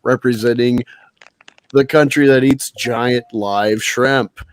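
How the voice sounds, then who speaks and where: A bombastic ring announcer, as a man puts him on, dragging every word out slowly. The voice booms and carries loudly. The delivery is dry and close. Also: fairly even intonation, no echo, lightly acted. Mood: booming. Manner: slow, drawn-out, booming delivery. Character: bombastic male fight announcer.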